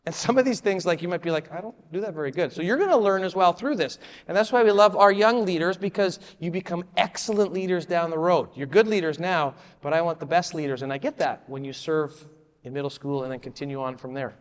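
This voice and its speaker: High-voiced man leading a training session. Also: a little fast, big-room sound. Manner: conversational, repeats answers from the group. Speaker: children's ministry leader training volunteers. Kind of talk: live training talk to a room.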